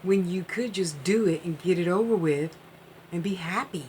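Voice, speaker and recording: A woman's voice: fairly low pitch, moderate pace, darkish tone, slight background noise, low-quality recording. A woman hosting a live-streamed psychic reading, chatting casually and rambling with frequent asides.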